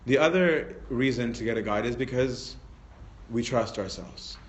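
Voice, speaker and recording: A male priest leading a Bible study in a relaxed teaching manner, often adding tag questions and restarting sentences. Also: medium pitch, measured pace. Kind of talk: conversational teaching talk.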